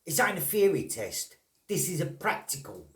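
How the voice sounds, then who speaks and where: A man's voice: fairly high pitch, very animated, moderate pace, fairly bright tone. A blunt, rambling man chatting casually to camera as a vlogger, swearing and laughing in disbelief. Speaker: vlogger on snaring and trapping. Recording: roomy, from a distance.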